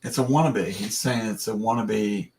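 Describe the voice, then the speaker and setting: A man's voice: on the low side, moderate pace, a little mellow, slight background noise. A man co-hosting a casual livestream, reading viewer comments and teasing dryly. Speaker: livestream co-host.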